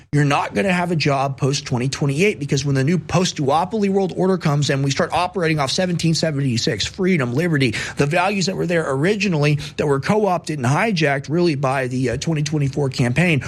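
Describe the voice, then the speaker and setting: Mocking man hosting a commentary show. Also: on the high side. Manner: combative, mocking. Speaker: show host. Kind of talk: political commentary.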